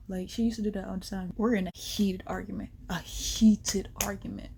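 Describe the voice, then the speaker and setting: A woman vlogger telling a personal story in a casual, slangy way, animated, with whispered asides. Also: mid-range voice, brisk, vocal fry, few pauses, slight background noise.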